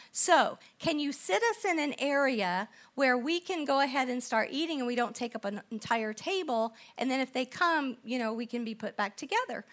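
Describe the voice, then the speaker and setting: A middle-aged woman preaching a storytelling sermon, animated and acting out the people in her story, then dropping to soft, intense tones. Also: high voice. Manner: animated, acts out quoted voices, drops to soft intense tones.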